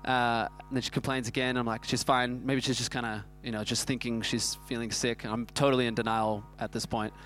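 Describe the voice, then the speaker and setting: A man, preaching a sermon that is built around a self-mocking personal story told in an animated way. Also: medium pitch, brisk, hardly any pauses, faint music behind. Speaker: pastor.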